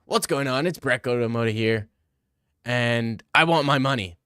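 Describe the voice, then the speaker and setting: A man putting on the voice of a self-important sports reporter who keeps announcing himself and demanding things, in a louder, slightly raised voice than his own. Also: mid-range voice, normal speed, smooth, dry recording, studio quality, close to an everyday voice. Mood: pompous, demanding.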